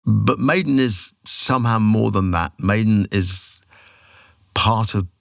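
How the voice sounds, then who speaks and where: A man, telling stories as a podcast guest in an animated, casual way. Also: on the low side, takes it slowly, creaky, no room sound, studio quality. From England. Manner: animated storyteller, acts out quotes. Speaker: podcast guest, rock singer. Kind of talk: casual storytelling.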